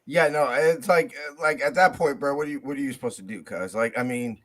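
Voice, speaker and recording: A man on a casual home sports podcast chats in a mid-pitched, everyday voice. He rambles with slang, swearing and lots of fillers. His speech is loose and unpolished. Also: a little fast. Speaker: podcast co-host.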